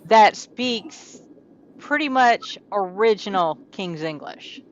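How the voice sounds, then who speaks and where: Slow-talking woman on dull lo-fi audio. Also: medium pitch, lively intonation. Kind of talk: casual chat.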